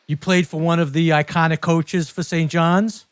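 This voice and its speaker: A man interviewing his guest, prompting with questions and quick affirmations. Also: fairly high pitch, flat delivery, clean tone, dry recording.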